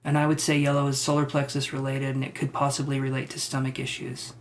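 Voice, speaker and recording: A man giving psychic tarot readings on a live stream. He talks in a tentative, musing way, thinks out loud with many fillers, and reassures his viewers. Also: mid-range voice, completely flat delivery, quick pace, a little hiss or hum. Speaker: tarot reader.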